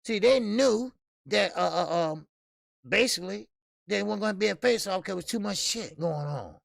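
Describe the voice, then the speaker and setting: Gravelly, profane boxing stream host, a man. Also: high voice, lively intonation, normal speed, no room sound, studio quality. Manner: loose, profane, shouts out chat viewers, laughs often. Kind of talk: casual livestream chat.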